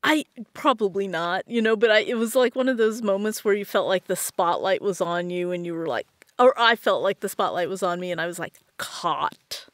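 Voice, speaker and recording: A woman guest on a podcast interview, telling a personal story in an animated way and acting out what others said. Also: medium pitch, moderate pace, hardly any pauses, dry recording. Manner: animated, acts out quotes in a lively way.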